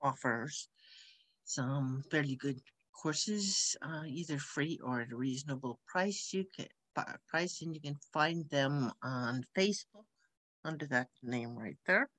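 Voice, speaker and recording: Hesitant woman class host, slow, mid-pitched, dry close recording. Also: lively intonation, fairly bright tone, no echo, low-quality recording. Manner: hesitant, with many fillers and restarts. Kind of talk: casual spoken introduction.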